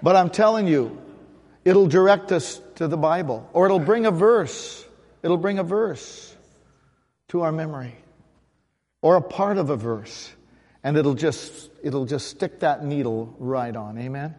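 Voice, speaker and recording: Pastor preaching in a reverberant church hall. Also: male voice, on the high side, measured pace, a little mellow. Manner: conversational, asks the congregation questions. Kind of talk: sermon. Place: church sanctuary.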